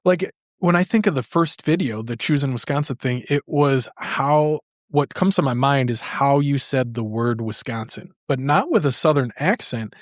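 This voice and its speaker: A man's voice: medium pitch, moderate pace, few pauses, no echo. Chatty male podcast host, dry sound. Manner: rambling, many restarts and fillers. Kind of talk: casual interview chat.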